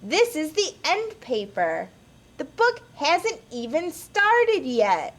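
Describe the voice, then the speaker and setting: A woman voicing a bossy, busy young man who narrates and keeps cutting in impatiently. Her voice is high and lively, with a slow, drawn-out pace. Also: exaggerated voice. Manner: impatient, interrupting.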